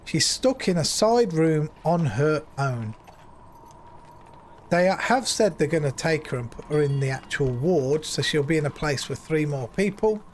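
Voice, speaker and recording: A man's voice: on the high side, expressive, measured pace, a little hiss or hum. A man in his fifties chatting casually to his stream viewers from home, rambling and retelling conversations with lots of repeats. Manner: rambling, repeats himself, retells dialogue with "I says". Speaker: live streamer.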